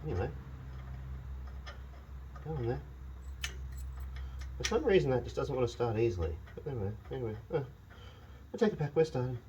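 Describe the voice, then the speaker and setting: This casual workshop vlog features a home mechanic in his garage, thinking out loud over his truck, addressing the parts, grumbling and making fun of himself. His medium, slightly mellow voice is expressive and fairly quick with frequent pauses, on lo-fi audio with a touch of hiss or hum.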